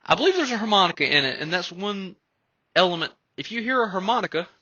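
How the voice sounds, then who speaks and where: A man's voice: sits high, animated, fast talker, pushed and bright, no echo. A young man hosting a podcast, talking casually and rambling a bit as he breaks down a country song. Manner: rambling, conversational, fond of "like" and "right?". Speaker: podcast host. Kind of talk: casual music commentary. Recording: dull lo-fi dry recording.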